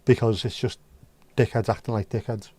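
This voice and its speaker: A man's voice: lowish voice, steady tone, brisk, mellow, slight background noise. A man hosting a casual livestream, chatting with viewers in sweary, joking banter. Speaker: livestream host reading chat. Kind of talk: casual chat.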